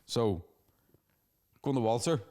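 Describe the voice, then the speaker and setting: A young man with a Northern Irish accent spins comic stories on a podcast, and his pitch swings widely. He sits in the middle of the range for a man. He swears freely and drops into put-on voices when he quotes people. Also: measured pace. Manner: animated storytelling with profanity and put-on quoted voices. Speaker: podcast co-host and stand-up comedian. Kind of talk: casual comedic chat.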